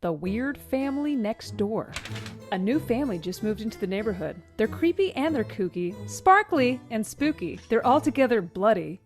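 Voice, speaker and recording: A woman's voice: fairly high pitch, very animated, normal speed, faint music behind. A woman hosting a comedy podcast, teasing and giggly, reading a silly fill-in story. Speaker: podcast host.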